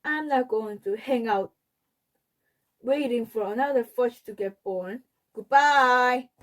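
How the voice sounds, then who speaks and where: A woman's voice: a little high, slow pace. A woman reading a storybook aloud, voicing a stubborn, indignant older boy with emphatic, raised delivery. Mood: defiant.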